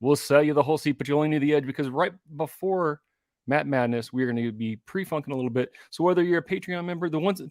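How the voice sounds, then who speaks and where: A man's voice: on the high side, quick pace, no echo, clean studio sound. A man co-hosting a casual whiskey podcast, upbeat and chatty as he runs through the show's business. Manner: upbeat, animated promo patter. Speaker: podcast co-host.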